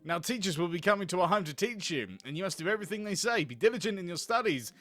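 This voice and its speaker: A man voicing a stern, proud noble father in a narrative game, speaking in a measured, formal way. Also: high-pitched, lively intonation, fairly bright tone, dry recording.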